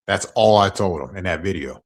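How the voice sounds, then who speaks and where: A man's voice: sits low, fairly quick. A man ranting on his stream, heated and profane as he tells his side of a feud. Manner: angry, profane storytelling.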